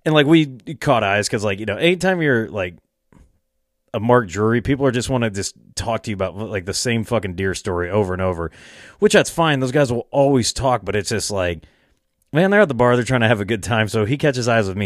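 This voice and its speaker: A man's voice: lowish voice, lively intonation, brisk, no room sound, clean studio sound. A man telling rambling stories in casual chat, laughing and swearing often.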